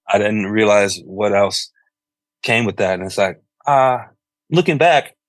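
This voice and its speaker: A man's voice: fairly low pitch, no echo. Man, musician guest, casual rambling talk, "you know" fillers, dry studio sound. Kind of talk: conversational interview.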